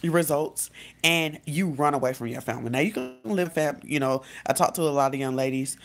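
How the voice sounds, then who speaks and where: A woman life coach giving casual advice in a vlog, talking directly to her viewers in a relaxed, conversational way. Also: low-pitched, fairly quick, gravelly, soft background music. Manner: conversational, speaks straight to viewers, acts out quotes.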